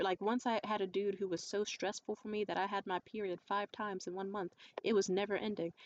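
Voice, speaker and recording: A young adult woman in a casual vlog monologue, telling stories in a blunt, profane and animated way. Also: medium pitch, highs cut off, a little hiss or hum. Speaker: vlogger.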